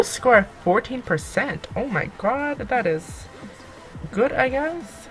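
A young woman giving excitable let's-play commentary, gasping and pleading with the game as she plays. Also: a little high, takes it slowly, faint music behind, low-quality recording. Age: young adult. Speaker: gaming YouTuber.

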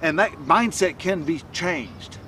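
A man's voice: on the high side, animated, slow pace, bright, forceful tone, far from the mic, slight background noise. A man speaking casually to camera as a self-help coach, rambling and restarting often with many fillers. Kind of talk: casual motivational talk to camera.

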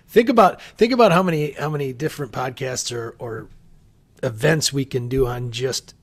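A man hosting a podcast interview, agreeable and quick to laugh, often restarting his phrases. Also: medium pitch. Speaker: podcast host. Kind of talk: casual interview chat.

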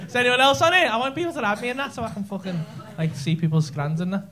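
A man's voice: very high voice, expressive, fast talker. A man doing crowd work as a stand-up comedian on a club stage, crude and teasing, laughing through his jokes. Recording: live club recording with audience laughter and noise. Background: audience laughing.

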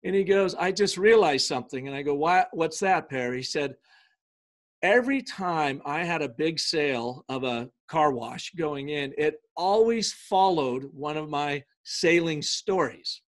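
A middle-aged man, a guest on an interview show, tells business stories in a lively way and acts out the quoted dialogue. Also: a little high, unhurried. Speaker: guest, brand storytelling consultant. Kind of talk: storytelling in a casual interview.

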